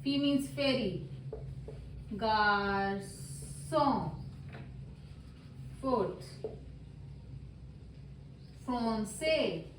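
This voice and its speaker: A high-voiced woman teaches beginner French, checking worksheet answers one by one and repeating each for her pupils. Her English phrasing is a little non-native. The room is roomy and echoey, with faint background hum. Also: animated, very slow, pauses often, recorded from a distance. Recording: roomy echo, voice a little off-mic.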